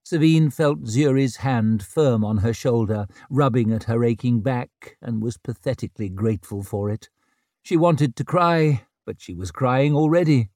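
A man narrating an audiobook with expressive storytelling. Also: medium pitch, measured pace, no echo. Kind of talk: scripted narration. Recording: dry close studio sound.

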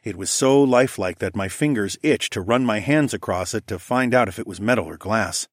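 Low-voiced male storyteller, dry sound. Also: a little fast, no echo. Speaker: audiobook narrator. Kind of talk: first-person story narration.

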